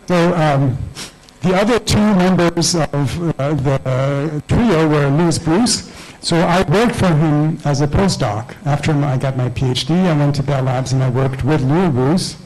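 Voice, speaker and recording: A man's voice: a little high, a little mellow, poor audio. A man in his sixties giving a public science lecture, explaining step by step and telling stories with small restarts. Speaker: guest lecturer.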